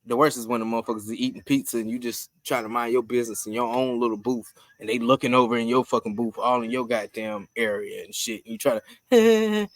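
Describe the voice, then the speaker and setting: A man's voice: mid-range voice, quick pace, hardly any pauses, no echo. A man co-hosting a podcast in casual chat, telling stories with lots of swearing and laughter. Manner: profane, animated storytelling with laughs. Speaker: podcast co-host.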